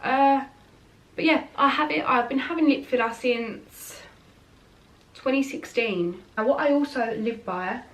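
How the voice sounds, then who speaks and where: A woman's voice: sits high, measured pace, recorded from a distance. A woman chatting frankly and casually while doing her makeup, rambling with fillers. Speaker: beauty vlogger.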